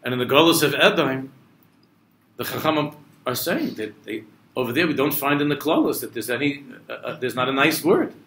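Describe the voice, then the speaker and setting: A man's voice: medium pitch, expressive, brisk, fairly bright tone, echoey room. A male rabbi giving a Torah lecture to a travel group. He explains a text line by line, weaves in Hebrew and Aramaic quotations and builds to impassioned emphasis. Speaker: rabbi teaching a class.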